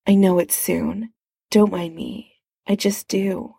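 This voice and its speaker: A devoted grown man speaks in a soft, affectionate murmur, voiced by a woman reading aloud. The voice sits low with a gravelly edge and a mellow tone. It is recorded close and dry. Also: fairly even intonation, takes it slowly, dry recording, exaggerated voice. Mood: tender. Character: tender, devoted adult man.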